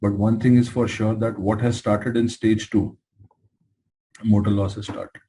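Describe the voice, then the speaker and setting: Middle-aged male lecturer, Indian English accent, emphatic storyteller, narrow and steady intonation. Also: fairly low pitch, a little slow. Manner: animated storytelling, emphatic and exasperated. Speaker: medical lecturer. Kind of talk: lecture with acted patient dialogues.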